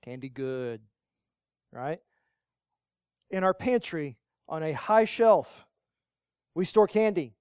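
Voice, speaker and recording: Pastor, emphatic sermon delivery, repetitive and rhetorical, mid pitch, dry close sound. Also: animated, slow, pauses often, clean tone, dry recording, dull audio. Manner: swings between loud emphatic lines and quiet, low asides; rhetorical, repeats key phrases for emphasis.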